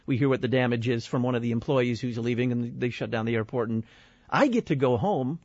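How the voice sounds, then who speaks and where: A man from Illinois telling an animated, exasperated personal story, slipping into other people's voices as he goes. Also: mid-range voice, a little fast, dry recording. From Illinois, USA. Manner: lively, exasperated, acts out quoted voices. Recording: dull dry studio sound.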